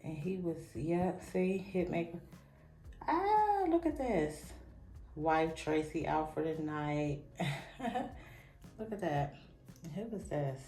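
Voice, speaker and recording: A low-pitched woman, chatting in a casual, tickled way. Her voice rings in an echoey room while soft music plays underneath. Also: slow pace, long pauses. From Pittsburgh, USA. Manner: chatty, tickled, easily excited. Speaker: vlogger. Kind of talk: casual nostalgic show-and-tell.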